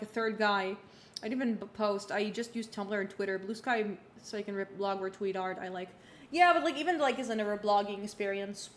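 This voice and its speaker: A young woman in her twenties, a streamer chatting casually and recapping a game, rambling with many fillers and restarts. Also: mid-range voice. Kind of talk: casual livestream chat while playing. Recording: roomy room echo, faint background hum.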